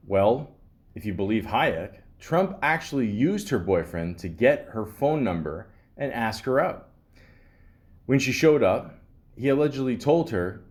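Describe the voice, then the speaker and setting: Slow, animated male podcast host. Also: medium pitch. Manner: sarcastic, joking asides. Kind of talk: reading a script with joking asides.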